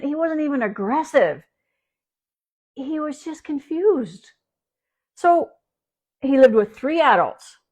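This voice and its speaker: Chatty woman dog trainer streaming live. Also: high voice. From Canada. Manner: rambling, chatty, with frequent restarts and fillers. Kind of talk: casual livestream talk. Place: at home with her dog nearby.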